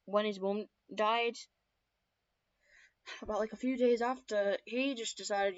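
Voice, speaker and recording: A woman's voice: mid-range voice, normal speed. Young woman rambling through her story. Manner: profane, rambling, many fillers and self-corrections. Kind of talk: casual rambling lore telling. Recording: dull lo-fi recording.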